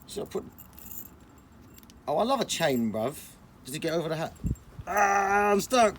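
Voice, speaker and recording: A young man, chatting casually and excitably on a vlog, full of slang. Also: high voice, normal speed, a little hiss or hum. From England. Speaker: vlogger.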